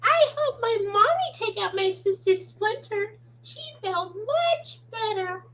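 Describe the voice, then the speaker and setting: A woman's voice: extremely high pitch, expressive, takes it slowly, fairly bright tone, voice pushed up, full character voice. A woman doing an impression of a sweet little cartoon kid, chirpy and childlike. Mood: comforting.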